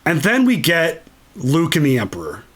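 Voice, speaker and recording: A man's voice: on the high side, huge pitch swings, moderate pace, fairly bright tone. A man hosting a casual movie commentary, enthusiastic and freely swearing. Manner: enthusiastic and profane. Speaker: channel host.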